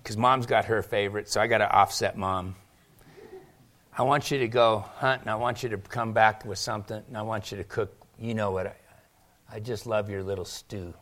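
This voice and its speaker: A man voicing an old, half-blind father who speaks in a low, hushed, wheedling way. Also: steady tone, moderate pace, lightly acted. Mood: coaxing.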